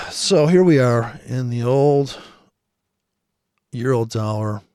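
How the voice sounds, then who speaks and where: A man's voice: mid-range voice, expressive, slow, darkish tone, clean tone, no room sound, clean studio sound. A man giving rambling, sarcastic, profane commentary on forex charts. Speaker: forex trader. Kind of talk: casual screen-share trading commentary.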